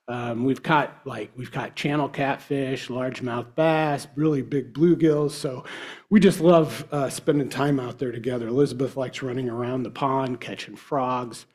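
A man telling a personal devotional story in a casual, halting way with frequent fillers. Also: mid-range voice, darkish tone.

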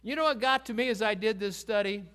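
A man's voice: high-pitched, quick pace, fairly bright tone, clean tone. A man teaching an informal Bible lesson in a folksy, chatty way. He asks his group questions and has them answer back.

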